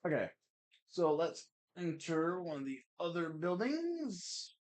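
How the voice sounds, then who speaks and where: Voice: medium pitch, sing-song, slow pace, a little mellow. A let's-play gamer chatting casually through a playthrough, wry and swearing now and then. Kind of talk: casual game commentary.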